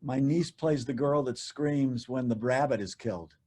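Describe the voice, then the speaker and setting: Mellow-voiced man reminiscing. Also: mid-range voice, moderate pace. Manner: relaxed, reminiscing, self-deprecating. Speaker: guest, animation writer and voice actor. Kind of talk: casual chat.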